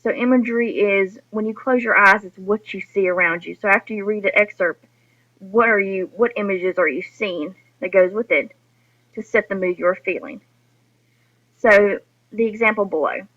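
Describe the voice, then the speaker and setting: A woman's voice: medium pitch, normal speed, a bit bright. A woman teacher giving a recorded lesson to her students, explaining patiently and speaking to them directly. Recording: dull lo-fi recording.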